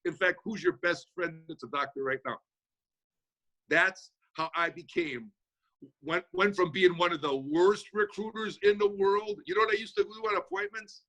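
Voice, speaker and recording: A man answering audience questions in a motivational Q&A over a video call, talking fast in a folksy, energetic manner. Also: high-pitched. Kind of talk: motivational Q&A talk.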